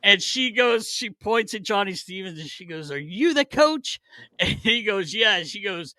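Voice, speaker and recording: Give me a man hosting a podcast who spins a road story with loud, animated energy, cursing and laughing. His voice is very bright and a little high, recorded close and dry with no room sound. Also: normal speed, no echo. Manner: animated, swears freely, laughs while telling stories. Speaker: podcast host. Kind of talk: casual storytelling chat.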